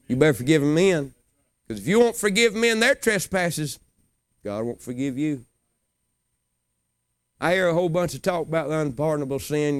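A man preaching a sermon in a folksy way, swinging from low murmurs to high, loud cries. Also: smooth, no room sound, studio quality. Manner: folksy, colloquial phrasing.

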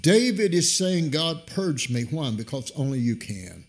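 A middle-aged man preaching a sermon, his voice jumping up suddenly in pitch and loudness to drive points home. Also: sing-song, a little slow.

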